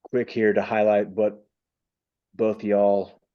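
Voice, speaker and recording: A man's voice: on the low side, level tone, slow, lo-fi sound. A man who stutters, speaking as a webinar panelist in a casual panel discussion over a video call. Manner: stutters, with repeated sounds and restarts.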